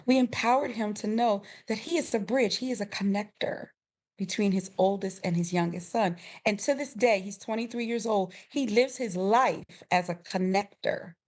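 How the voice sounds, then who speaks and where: A middle-aged woman guest on a podcast, telling a family story with lively quoted voices and frequent laughter. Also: medium pitch, normal speed. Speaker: podcast guest, grief coach. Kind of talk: storytelling in a conversational interview.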